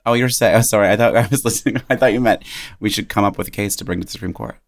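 A man's voice: lowish voice, very fast. A man co-hosting a casual podcast, heated and swearing, tripping over his own restarts. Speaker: podcast co-host.

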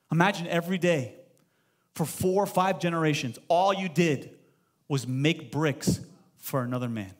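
Animated high-voiced man preaching. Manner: animated storytelling, acts out dialogue. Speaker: pastor. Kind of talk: sermon. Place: church sanctuary.

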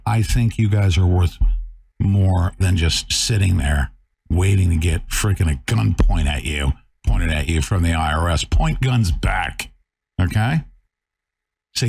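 A man hosting a talk show, ranting in a fiery, combative way, swinging between loud outbursts and muttering. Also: deep voice, animated, unhurried, vocal fry, husky. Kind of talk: bombastic talk radio rant.

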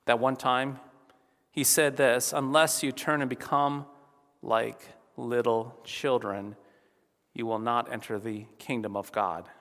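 A man's voice: medium pitch, fairly even intonation, slow pace, fairly bright tone. A man preaching a sermon as a pastor, reading scripture and then speaking with emphatic shifts in volume. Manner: emphatic, varies volume for effect. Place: church. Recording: church with long reverb.

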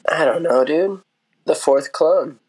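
A man's voice: a little high, slow, darkish tone, slightly rough. A man co-hosting a podcast, teasing his partner in a mock-serious way and laughing often. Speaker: podcast co-host. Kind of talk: casual podcast banter.

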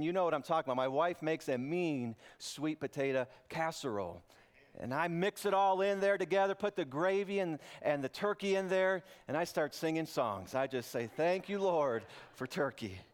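A male pastor giving a sermon in a relaxed, conversational way, mixing scripture reading with light jokes. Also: on the high side, clean tone. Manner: joking, conversational preaching. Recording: podcast intro over loud guitar music.

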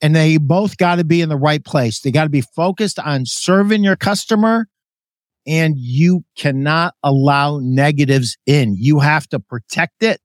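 A man's voice: fairly high pitch, no room sound, studio quality. A man hosting a podcast, giving an emphatic motivational pep talk to store owners that turns emotional and preachy. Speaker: podcast host.

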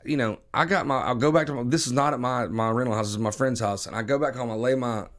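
A man's voice: medium pitch, quick pace. A man in his forties, a podcast host, casually telling a long profane story and acting out other people's lines. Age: 40s. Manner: animated, profane, mimics voices in quotes.

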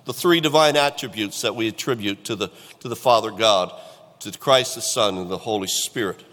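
A man's voice: fairly low pitch, moderate pace, a bit bright, long reverb tail. A middle-aged male pastor delivering a sermon in a conversational way, asking the congregation questions. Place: church.

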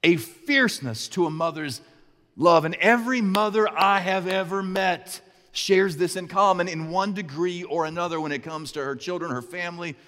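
A man preaching a sermon as a pastor, telling a story in an animated, conversational way. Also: sits high, normal speed, big-room sound.

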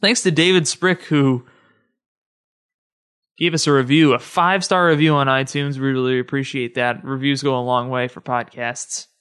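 A man's voice: mid-range voice, steady tone, normal speed, fairly bright tone, clear, resonant tone. A man hosting a podcast alone, talking to listeners in a chatty, easygoing way. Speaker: podcast host. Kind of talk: casual solo podcast monologue.

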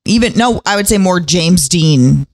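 Casting note: a blunt, teasing woman with a lively voice, recorded dry and close. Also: fairly low pitch, moderate pace, no echo. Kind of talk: casual chat.

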